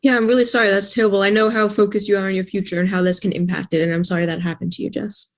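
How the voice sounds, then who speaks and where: A woman's voice: mid-range voice, little pitch movement, racing. A teenage girl acting out a role-play scene and then explaining it earnestly. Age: teens. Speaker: student board member.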